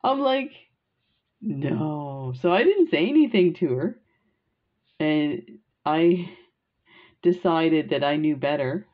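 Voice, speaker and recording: Older woman, low unhurried voice, rambling laughing anecdotes, dull lo-fi sound, crafting vlog. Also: lively intonation. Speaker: crafting vlogger. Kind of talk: casual storytelling while beading.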